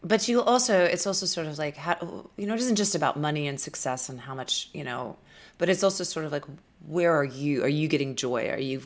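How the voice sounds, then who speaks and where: A woman's voice: low-pitched, a little fast. A woman co-hosting a casual podcast chat. She is blunt and jokey and swears freely. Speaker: podcast co-host.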